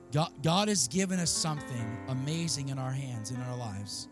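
A man in his thirties preaching a sermon in a conversational, earnest way, acting out voices in his stories. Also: on the high side. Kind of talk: sermon with personal story. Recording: faint music underneath. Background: soft instrumental music.

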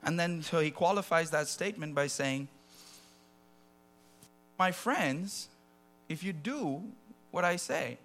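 A man preaching a sermon, animated and conversational, dropping to soft asides and rising to loud acted quotes. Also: on the high side, slow, pauses often.

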